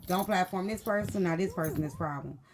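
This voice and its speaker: A woman's voice: fairly low pitch, fairly quick, over a noisy crowd. A woman hosting a live stream chat, talking things through in a casual, reasoning way. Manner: conversational, reasoning things out with fillers.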